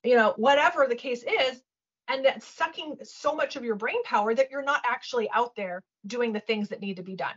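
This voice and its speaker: The webinar guest is a woman whose high voice carries a slight huskiness and roughness, delivered at normal speed. Casual and lively, she coaches listeners, imitates little voices, and often checks in with "right?"; the sound is dull and lo-fi.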